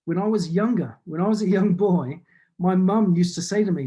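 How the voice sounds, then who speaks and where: A man's voice: sits high, moderate pace, dark tone. A man with a New Zealand accent giving a motivational business talk over a video call, building his points in earnest, repeating phrases. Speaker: business speaker.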